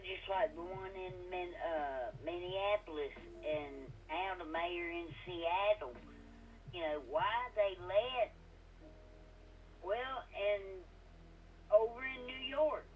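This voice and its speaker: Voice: medium pitch, slow pace, narrow, tinny audio. A co-host on a casual live-stream podcast who speaks in a plain, folksy way, with mild curses.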